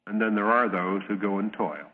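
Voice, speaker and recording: A man preaching a sermon, reading scripture in a measured, solemn way and telling a parable. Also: lowish voice. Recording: tinny old radio broadcast, long reverb.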